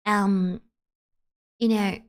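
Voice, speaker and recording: A woman streamer telling a long story to her chat in a rambling, animated way, with lots of "like" and restarts. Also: mid-range voice, extremely slow. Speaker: VTuber streamer.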